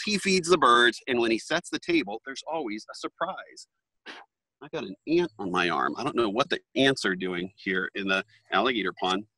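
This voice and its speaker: Upbeat educator reading a kids' story aloud, bright voice, dry recording. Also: male voice, mid-range voice, no echo, low-quality recording. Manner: chatty, playful storyteller aside. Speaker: reptile sanctuary educator. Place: outdoor alligator pond.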